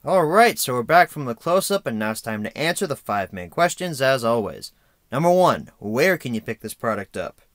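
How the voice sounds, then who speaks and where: A man's voice: mid-range voice, very animated, normal speed, fairly bright tone, no room sound, clean studio sound. A young American man giving an unscripted, rambling video review with sarcastic, self-mocking asides. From United States.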